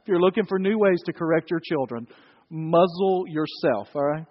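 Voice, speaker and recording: A man's voice: a little high, quick pace. A man preaching a sermon, joking with the congregation in a conversational way. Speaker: pastor. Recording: dull sound in a reverberant hall.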